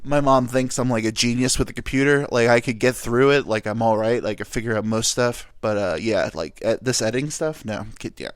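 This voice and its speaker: A man's voice: mid-range voice, a little fast, hardly any pauses, smooth, dry recording, studio quality. A young man hosting his own podcast, talking in a rambling, self-deprecating way with crude jokes. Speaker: podcast host. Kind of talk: casual solo podcast monologue.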